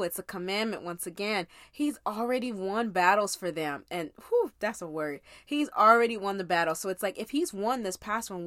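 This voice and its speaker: A woman's voice: mid-range voice, fairly bright tone, no room sound, studio quality. A woman casually recapping a week's Bible reading as a teacher, talking in a conversational, emphatic way and speaking straight to her listeners.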